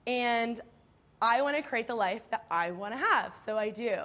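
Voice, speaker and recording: Expressive woman telling a story. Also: a little high, moderate pace. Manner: expressive, acts out inner voices. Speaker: speaker, coach. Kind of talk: storytelling talk.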